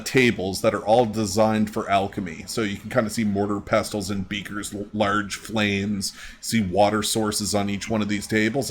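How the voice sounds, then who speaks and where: A man in the game master's chair, describing the scene in a loose, meandering way, peppered with casual swearing. His voice sits on the low side. A faint steady hum sits under the recording. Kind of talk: narrating a tabletop game, casual.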